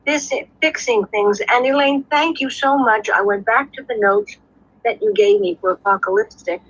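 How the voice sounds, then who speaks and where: A woman's voice: high-pitched, lively intonation, moderate pace, vocal fry, no room sound, dull audio. A woman guest on a video call, chatting in a rambling, self-mocking way about her week and her writing. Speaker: guest writer and actor. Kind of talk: casual video call chat.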